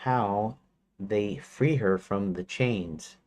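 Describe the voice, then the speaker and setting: A man with a lowish voice talks through his game story on a livestream. He thinks aloud and hesitates, with many fillers and restarts. He stops often to question his own notes. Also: very slow, darkish tone. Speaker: game developer streamer.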